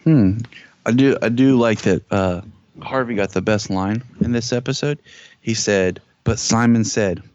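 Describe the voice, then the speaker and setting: A man's voice: fairly low pitch, a little slow, a little mellow, no room sound. A man co-hosting a podcast, chatting casually and joking, acting out quotes in a raised voice. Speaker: podcast co-host. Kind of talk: casual TV review chat. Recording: dull dry lo-fi audio.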